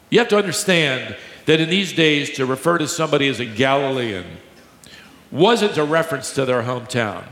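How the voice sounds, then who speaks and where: A man preaching a sermon to a congregation, teaching emphatically, slowing down to stress key words and joking with the crowd. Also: mid-range voice, animated, fairly bright tone. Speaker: pastor. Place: large church hall with a live congregation. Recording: echoey hall, long reverb.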